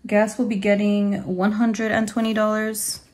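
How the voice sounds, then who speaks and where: A young woman chatting casually to her viewers, loose and rambling, full of little fillers and restarts. Her voice is mid-pitched and keeps a flat, level line, even when she counts bills aloud in a steady rhythm. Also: moderate pace, a little hiss or hum. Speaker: budgeting vlogger. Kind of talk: casual talk to camera while counting cash.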